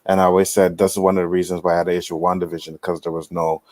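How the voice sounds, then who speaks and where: A man's voice: low voice, little pitch movement, rapid-fire, darkish tone. A man on a casual panel show, from Canada, telling a personal story with lots of "you know what I mean".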